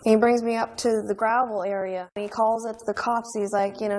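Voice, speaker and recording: A woman in her twenties recalling a terrible childhood event in an interview, speaking in a halting, earnest and quietly intense way. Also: on the high side, fairly even intonation. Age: 20s. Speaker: crime survivor interviewee. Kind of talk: emotional interview recollection.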